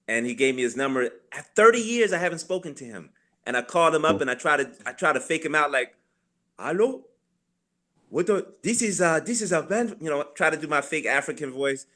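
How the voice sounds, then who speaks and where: Bright-voiced man telling a story. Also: medium pitch, a little fast. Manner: relaxed anecdotal storyteller. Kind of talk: casual group chat over video call. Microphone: video call.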